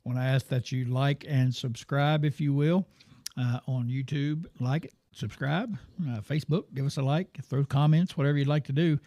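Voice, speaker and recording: A man's voice: mid-range voice, steady tone, normal speed, mellow, no room sound. A man hosting a casual sports talk show from a studio, rambling and easygoing with plenty of fillers.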